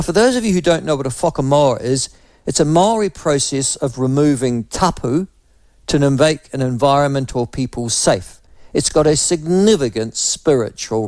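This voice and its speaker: A New man hosts talk radio in a sardonic, rambling monologue, pausing on ums and uhs as he drifts between asides. His voice sits at a middling pitch. The sound is dry and close, with no room behind it. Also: a little mellow, no echo. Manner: sardonic, rambling, many fillers.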